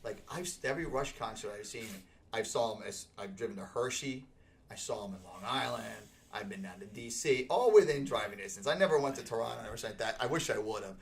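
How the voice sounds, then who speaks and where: A man's voice: mid-range voice, animated, quick pace. A man in his forties hosting a casual chat, talking in a rambling, profane way. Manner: rambling, profane, fan enthusiasm. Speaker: host.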